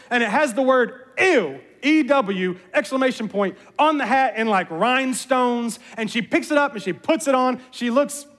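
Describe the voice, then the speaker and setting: A man, a pastor, giving a sermon as an animated, self-mocking storyteller. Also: very high voice. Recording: long reverb of a large hall.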